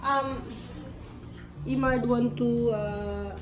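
A woman's voice: a little high, fairly even intonation, very slow, echoey room, distant mic, loud music behind the voice. A woman with a Filipino accent, chatting casually as a vlog host during a fiesta meal. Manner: chatty, mixing English and local language. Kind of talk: casual chat. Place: home gathering during a fiesta.

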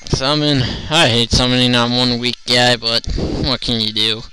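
A man's voice: medium pitch, fairly even intonation, unhurried, sharp tone, soft background music, rough recording. A young man hosting a let's play, commenting and reading game text aloud in playful voices.

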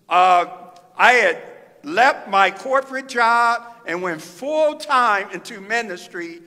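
A middle-aged man from the Midwest, a pastor delivering a fervent sermon with drawn-out phrases and pauses in a church sanctuary. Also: sits high, lively intonation, bright, forceful tone. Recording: reverberant church hall.

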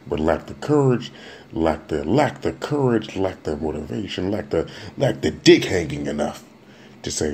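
A man's voice: low-pitched, animated, normal speed, darkish tone, a little hiss or hum. A young man hosting his own podcast, talking casually and joking, rambling and restarting his sentences. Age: young adult. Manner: rambling, joking, repeats words and restarts often. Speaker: podcast host. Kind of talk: casual solo podcast monologue.

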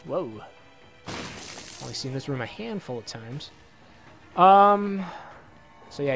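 A man casually commenting on his own gameplay, excitable and swearing a lot, with a slightly hoarse voice. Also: a little high. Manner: excitable, swears a lot, sudden loud outbursts. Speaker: let's play gamer.

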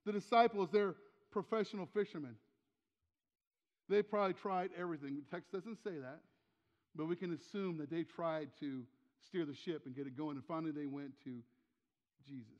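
An older male pastor with a high voice preaches in a church sanctuary, where long reverb trails his words. He keeps it conversational and throws out questions to the room, repeating his key lines for weight. The sound is dull and lo-fi. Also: normal speed. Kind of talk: sermon.

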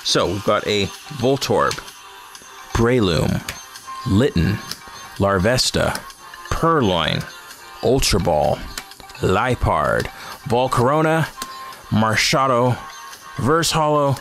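Guy doing a card opening vlog, chatty, reacts to every pull, slow and bouncy voice. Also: fairly low pitch, big pitch swings, a bit bright, faint music behind. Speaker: host of a card-opening channel.

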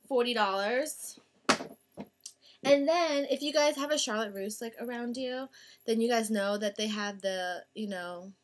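A young woman vlogger chatting casually through a shopping haul, gushing over her finds with drawn-out words. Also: medium pitch, a little hiss or hum. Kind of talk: casual haul video chat.

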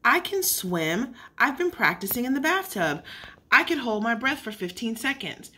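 A woman's voice: sing-song, moderate pace, bright, forceful tone. Woman doing a stubborn eight-year-old girl. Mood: pleading. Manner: high, pleading and whiny.

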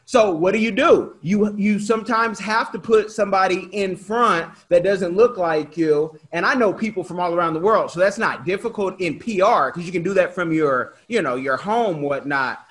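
A man from Oakland, California, hosting a podcast interview in a lively, talkative way with many asides. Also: high-pitched, normal speed, hardly any pauses. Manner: animated and talkative, with frequent restarts and asides. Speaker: podcast host. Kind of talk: casual interview chat.

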